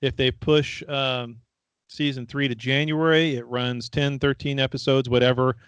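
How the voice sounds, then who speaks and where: A man's voice: medium pitch, level tone, normal speed, a bit bright, clear, resonant tone, dry recording, lo-fi sound. A man hosting a casual podcast chat, talkative and a little sarcastic, laughing often. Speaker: podcast host.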